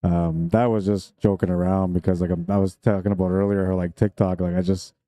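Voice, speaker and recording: A man's voice: low voice, flat delivery, fairly quick, dark tone, dry recording. A man commentating a pool tournament live stream, chatty and jokey, laughing often between remarks.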